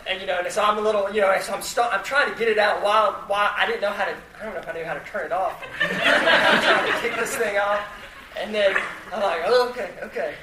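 Man, high-pitched, self-deprecating storyteller, echoey room with faint noise. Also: fast talker, recorded from a distance. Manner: self-deprecating, chatty, lots of fillers and restarts. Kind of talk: humorous personal story told to an audience.

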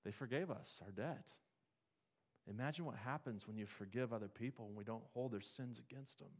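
A man preaching a sermon, telling stories and moving between quiet, reflective passages and loud, emphatic ones. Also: medium pitch, brisk. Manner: storytelling, swings from quiet to emphatic.

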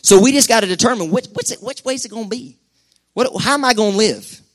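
A man's voice: extremely high pitch, fast, fairly bright tone. A male pastor preaching a sermon to his church in a folksy, conversational way with colloquial asides.

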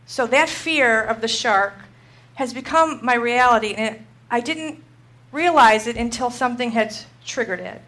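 A middle-aged woman teaching a Christian group, telling a personal story in an animated way and acting out her own panic. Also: a little high, normal speed.

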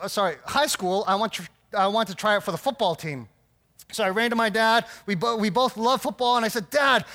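A man's voice: high voice, fairly bright tone. A man giving a sermon in a conversational, storytelling way, often checking in with the audience with "right?". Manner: conversational, self-deprecating storytelling with frequent "right?" asides. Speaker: pastor.

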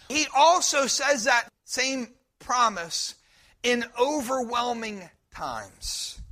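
Male pastor, emphatic sermon delivery, high and tense-edged voice. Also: bright, forceful tone. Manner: emphatic preaching, repeats promises with rising force.

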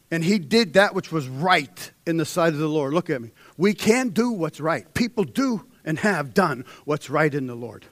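A man's voice: a little high, dry recording. Fervent young man preaching a sermon. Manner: swings between hushed intensity and loud, rising exhortation.

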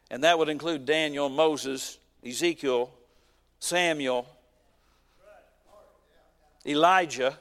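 A man's voice: a little high, takes it slowly, long pauses, fairly bright tone, long reverb tail. A man preaching a sermon in a folksy, emphatic way, full of repetition and homespun humor.

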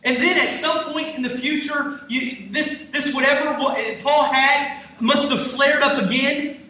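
Male pastor, high voice, impassioned sermon delivery, roomy church sound picked up from a distance. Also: fairly even intonation, measured pace, sharp tone. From United States. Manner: impassioned preaching, voicing prayers and God's reply. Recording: echoey hall, mic from a distance.

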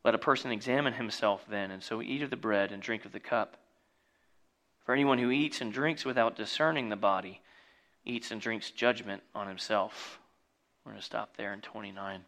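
Bright-voiced folksy preacher man. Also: fairly low pitch, normal speed. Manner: folksy, jokey asides, rising to loud exclamations. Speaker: pastor. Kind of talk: sermon.

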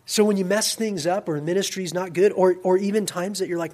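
A man preaching a casual sermon as a youth pastor. He swings between loud, emphatic stretches and quiet, soft-spoken asides. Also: high-pitched, steady tone, fairly quick.

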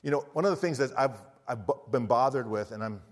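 Speaking fast at medium pitch, a missionary preacher from the United States relates a personal story in an earnest sermon, often restarting. The sound has the long reverb of a large hall.

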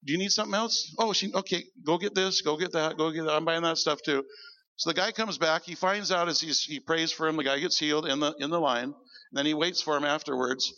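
A male preacher with a bright, high-pitched voice tells stories from the pulpit. He slips into the voices of the people he describes. The recording sounds a little dull and lo-fi. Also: a little fast, in a large hall. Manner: animated, acts out voices in his stories. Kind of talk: storytelling sermon.

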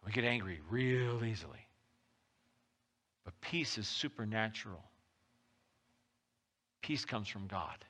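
A male pastor giving a conversational sermon, swinging between loud pushes and soft drops. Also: on the low side, slow pace, long pauses. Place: church.

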